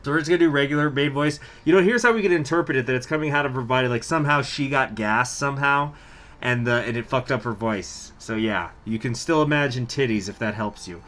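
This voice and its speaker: Casual, joking gaming commentator. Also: male voice, medium pitch, quick pace, fairly bright tone, soft background music. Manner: casual, rambling, joking, swears freely. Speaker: game streamer. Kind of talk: let's-play commentary.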